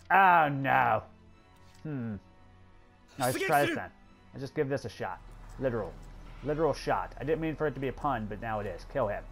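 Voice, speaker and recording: A man's voice: mid-range voice, creaky. A man commenting on his own strategy game play, exasperated and swearing, talking to the characters on screen. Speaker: gameplay commentator.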